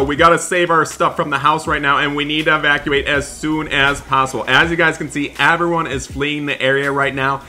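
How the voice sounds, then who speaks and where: A man narrating a game roleplay with anxious excitement, often repeating himself. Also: mid-range voice.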